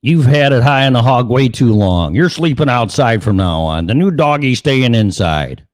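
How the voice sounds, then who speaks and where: A man's voice: mid-range voice, lively intonation, moderate pace, dry recording. A man hosting a show, delivering a sarcastic, profane ranting monologue full of mocking asides. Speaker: show host.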